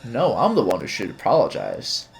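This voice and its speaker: A man streams a visual novel, chatting casually while reading its narration and dialogue aloud with light character voices. His voice is lowish and creaky, with huge pitch swings, at a normal speed. Faint music plays behind him.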